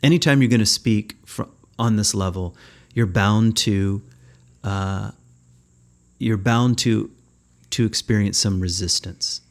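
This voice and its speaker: Podcast host, male, lowish voice, thoughtful conversational spiritual teacher who pauses to find his words. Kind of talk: reflective spiritual teaching talk.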